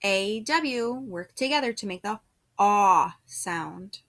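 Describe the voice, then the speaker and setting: A woman teaching a first grade phonics lesson, sounding out each letter and word with patient care. Her voice is bright and clear, and she speaks very slowly, leaving long pauses between sounds. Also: mid-range voice, expressive. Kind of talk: slow phonics dictation lesson.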